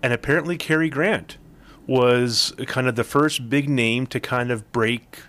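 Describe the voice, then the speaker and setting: A man chatting as a guest in a casual interview, talking in halting bursts with many restarts and repeated words. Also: medium pitch, a bit bright. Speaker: guest, film event organizer. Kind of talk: casual radio interview chat.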